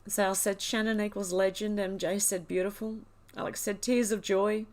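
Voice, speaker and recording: A woman's voice: medium pitch, flat delivery, normal speed, a little mellow. Teary, overwhelmed woman reading chat. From Australia. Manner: emotional, teary and laughing, overwhelmed. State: tearful. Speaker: livestream host. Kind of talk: reading live chat aloud.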